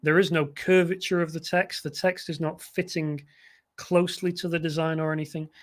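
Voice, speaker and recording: Male livestream tutor, slightly raised pitch, conversational critique, chuckles now and then. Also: little pitch movement, normal speed. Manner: conversational, frequent restarts, occasional chuckles. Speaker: design educator hosting a livestream.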